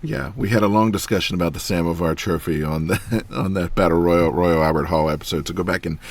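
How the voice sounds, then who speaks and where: A man in his thirties co-hosting a wrestling podcast in casual chat, filling pauses with ums and laughing easily. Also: deep voice, fairly even intonation. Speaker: podcast co-host.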